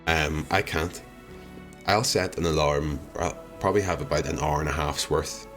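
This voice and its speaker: Young male streamer, low voice, dry self-mocking chatter over quiet background music. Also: moderate pace. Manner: rambling, wry and self-deprecating. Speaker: live streamer. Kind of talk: casual chat reading out viewer comments. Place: home streaming room.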